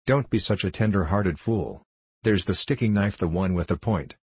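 A man with a very low, husky voice reading the lines of a blunt, impatient country wife in a storybook. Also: normal speed, darkish tone, no echo. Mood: scolding. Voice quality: scolding, impatient. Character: blunt, hard-headed rural young wife.

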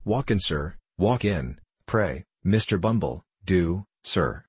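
A man voicing a sly, fawning woman who runs a parish baby farm, speaking with false humility and lower-class turns of speech. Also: expressive, slow pace, breathy edge, dry recording, full character voice. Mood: wheedling. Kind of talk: audiobook character voice.

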